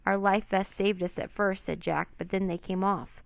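A woman voicing an earnest, anxious young boy in a storybook reading, with a slightly gravelly, dry close sound. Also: medium pitch, fairly even intonation, normal speed, dry recording, natural voice.

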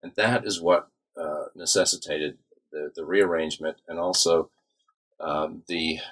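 A man with a very low, husky voice answers questions about his book in an academic interview. He speaks haltingly, with frequent fillers and self-corrections. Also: steady tone, a bit bright. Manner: hesitant, many uh fillers and restarts. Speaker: author being interviewed.

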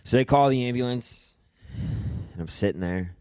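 A young man, a podcast guest, telling his own story in a halting way, repeating words and swearing casually. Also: mid-range voice, animated, warm tone, smooth, no room sound, clean studio sound. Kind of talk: personal storytelling.

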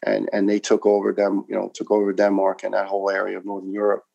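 A man's voice: on the low side, completely flat delivery, quick pace, creaky, mellow, highs cut off. A man in his fifties from New York, a retired firefighter telling his story in an interview with passion, emphasis and frequent restarts.

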